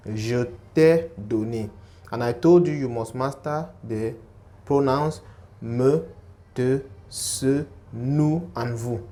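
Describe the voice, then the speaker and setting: Guy teaching a grammar lesson, mellow voice, keeps repeating the important bits. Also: mid-range voice. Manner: repetitive, emphatic, step-by-step. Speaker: French teacher.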